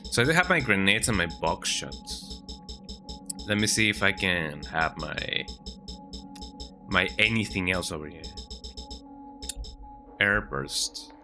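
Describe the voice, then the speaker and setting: A man giving rambling, chatty gameplay commentary at home, often tagging his sentences with "eh?". His voice is bright and forceful, with a low but lively pitch that swings around a lot. Faint game music plays in the background. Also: slow pace, pauses often. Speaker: streamer. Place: home, at a computer.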